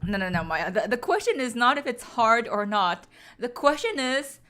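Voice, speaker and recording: A woman's voice: on the high side, lively intonation, normal speed, a bit bright. A woman chatting casually on a stream, pleading and groaning with exaggerated drama to her viewers. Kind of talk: casual live-stream chat.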